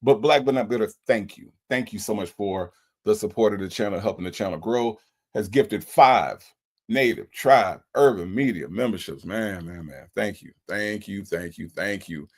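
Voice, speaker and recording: A man's voice: on the low side, normal speed. A man hosts a casual livestream. He sounds emotional and keeps repeating his thanks. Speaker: livestream host. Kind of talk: casual livestream shout-outs.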